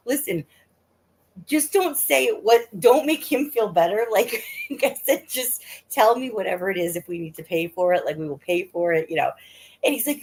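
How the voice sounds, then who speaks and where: A woman's voice: mid-range voice, big pitch swings, a little fast, slightly rough. A middle-aged woman casually telling a rambling story on a livestream, full of fillers and laughs. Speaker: livestream host.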